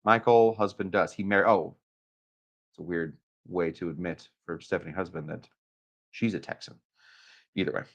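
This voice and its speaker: A man's voice: low voice, fairly even intonation, normal speed, long pauses, fairly bright tone, highs cut off. Chatty man rambling through a drink demo. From Arizona, USA. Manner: rambling, chatty, many fillers. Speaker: cocktail channel host. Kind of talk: casual live-stream demo. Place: hotel room.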